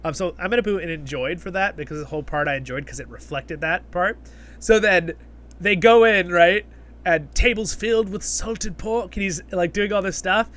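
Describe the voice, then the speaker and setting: A man hosting a casual episode review, excitable and geeky, retelling scenes with lots of asides. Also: high-pitched, normal speed. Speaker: host of a review channel.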